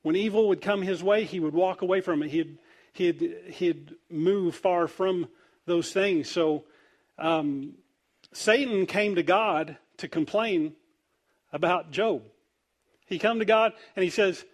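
High-voiced preacher, animated and playful. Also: male voice, a little slow. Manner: animated storytelling, acts out quoted voices, wide swings in loudness. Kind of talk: humorous sermon.

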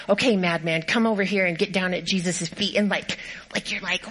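Upbeat bright-voiced woman pastor. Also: mid-range voice, moderate pace, rough recording. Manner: directing volunteers, reading scripture aloud; upbeat and encouraging. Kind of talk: sermon with live skit.

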